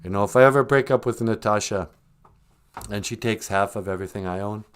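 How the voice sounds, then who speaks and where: A man hosting a comedy podcast, interviewing in a playful, deadpan way. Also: fairly low pitch, a little fast, smooth. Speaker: podcast host.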